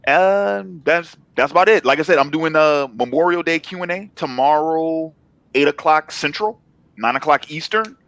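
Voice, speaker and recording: A laid-back man in his thirties speaks as an interview guest, his voice sitting a touch high for a man. He talks in slangy, looping phrases that circle back on themselves. The sound is dry and close, with no room echo. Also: normal speed, fairly bright tone. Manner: laid-back, slangy, repeats himself when building a point. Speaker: guest, comic writer. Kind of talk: casual interview chat.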